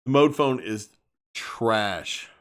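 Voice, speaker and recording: A man's voice: mid-range voice, expressive, extremely slow. A man hosting a live stream, speaking bluntly and emphatically in a casual rant and often repeating himself.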